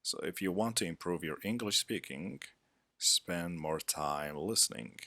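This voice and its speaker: Man, very deep voice, bright tone, slow, scripted English lesson narration. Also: vocal fry, dry recording. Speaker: English teacher.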